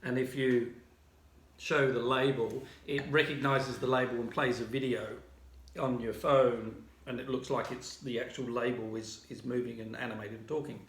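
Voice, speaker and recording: A man's voice: medium pitch, level tone, moderate pace, echoey room. A man with an Australian accent, co-hosting a casual chat and explaining at length with many fillers. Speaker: co-host.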